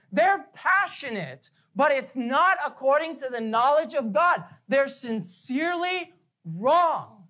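A woman pastor preaching a sermon with emphasis, often repeating key phrases slowly. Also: on the high side, a bit bright.

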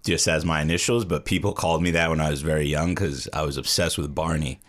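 Male guest, 30s, very deep rich voice, laid-back storyteller. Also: fast talker. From Hudson Valley, New York. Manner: relaxed storytelling with dry humor. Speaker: podcast guest. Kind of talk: casual interview chat.

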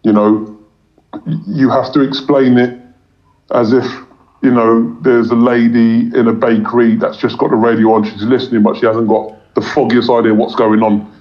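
A man talks in a casual interview, his voice level and steady with little rise or fall. He rambles, stumbling over repeated words and fillers. The recording sounds dull and lo-fi. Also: mid-range voice, moderate pace. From England. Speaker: cricket commentator guest.

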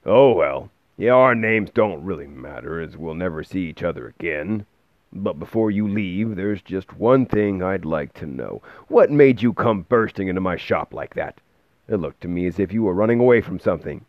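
A man plays a gruff old bookseller who grumbles slowly and disapprovingly. His voice is deep and animated, and the recording sounds dull and dry, with no room sound.

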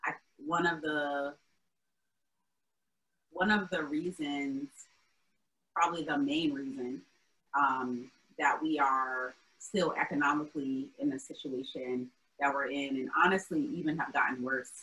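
A woman's voice: low voice, fairly even intonation, unhurried, bright, forceful tone, low-quality recording. A woman from Albany speaking as an interview guest, thoughtful and earnest, with frequent restarts. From Albany, New York. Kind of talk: casual interview chat.

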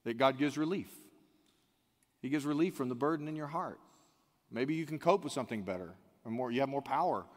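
A man's voice: medium pitch, expressive, fairly quick, long pauses. Man preaching in an echoing hall. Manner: conversational preaching with sudden loud emphatic rises. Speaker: pastor. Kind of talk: sermon. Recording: long reverb of a large hall.

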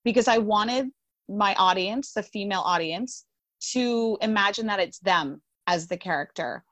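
A young woman author talking about her novel as a guest on a podcast, chatty and relaxed and quick to laugh. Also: mid-range voice, no room sound. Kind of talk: casual interview chat.

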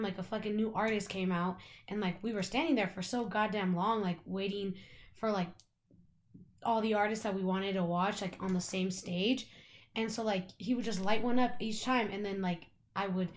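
A woman's voice: medium pitch, darkish tone. A young woman, co-hosting a podcast, chatting casually and telling a rambling story full of "like" and swearing. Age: young adult. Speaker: podcast co-host. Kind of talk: casual chat.

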